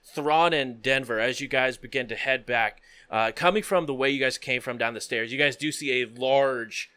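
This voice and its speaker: A man runs a tabletop adventure as game master, his voice bright and clean-edged. He describes each scene haltingly, pausing often on fillers. The sound is close and dry, with almost no room around it. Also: mid-range voice, clear, resonant tone, dry recording.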